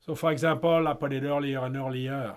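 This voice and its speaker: A man's voice: mid-range voice, fairly even intonation, fairly quick. A man teaching music, explaining rhythm in short phrases and chanting rhythm syllables to demonstrate. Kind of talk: instructional explanation.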